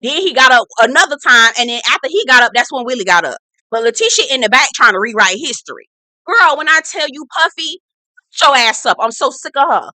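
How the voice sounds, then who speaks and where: A woman's voice: high voice, lively intonation, a little fast, pushed and bright, no echo. A woman hosting a casual reality TV recap, talking in a blunt, sassy, profane way.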